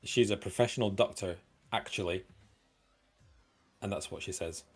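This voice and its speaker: Casual low-voiced game master. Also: male voice, breathy edge, soft background music. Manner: casual, halting, with fillers. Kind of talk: narrating a tabletop game.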